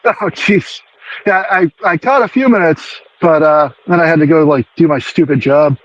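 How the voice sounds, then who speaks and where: A man joining a casual stream as a guest, making slow, easygoing remarks. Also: on the high side, lo-fi sound. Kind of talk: casual chat.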